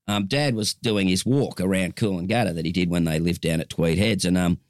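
A man's voice: low voice, fairly even intonation, fairly quick, dry recording, clean studio sound. A man in his fifties with an Australian accent, telling stories as a guest in a casual chat, rambling with restarts. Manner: chatty storyteller, rambling with restarts.

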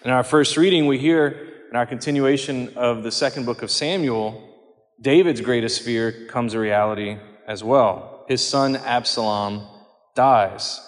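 Earnest man preaching in a reverberant hall. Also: medium pitch. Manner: measured and earnest, slowing for quoted words. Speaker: priest. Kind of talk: homily on scripture.

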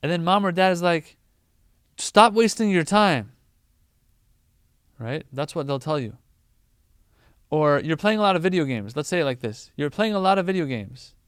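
Male preacher, relaxed conversational sermon, crisp clear tone, dry close sound. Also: on the high side, fairly quick, dry recording. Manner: conversational, animated teaching with everyday examples.

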